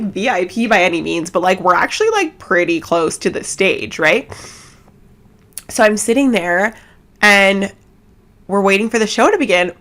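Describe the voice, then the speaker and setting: A woman from Canada hosting a casual chat podcast at home, giggly and rambling, talking fast with lots of fillers. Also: mid-range voice, a bit bright. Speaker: podcast host. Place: home setup, seated cross-legged.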